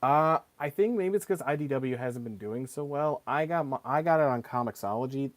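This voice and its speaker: A man's voice: mid-range voice, fairly quick, no echo. A man in his thirties chatting casually and rambling while he paints on a live stream. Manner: rambling and conversational, many fillers. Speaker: streamer and voice actor.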